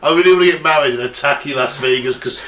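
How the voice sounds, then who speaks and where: A man's voice: mid-range voice, rapid-fire, a bit bright. An English man co-hosting a podcast, chatty and joking, laughing often and swearing casually. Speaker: podcast co-host. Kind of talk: casual banter. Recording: echoey room, distant mic.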